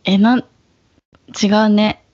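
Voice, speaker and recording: A woman's voice: mid-range voice, little pitch movement, a little slow, a little mellow. A woman interviewing a guest in casual chat, playful and admiring, on a dull lo-fi recording. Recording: dull lo-fi audio.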